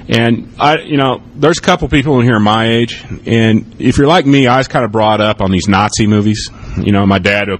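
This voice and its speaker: A middle-aged American man who used to be a police officer, giving a casual, rambling conference talk and taking audience questions, often adding "okay?". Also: fairly low pitch. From United States. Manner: casual, rambling, frequent "okay?" and "you know".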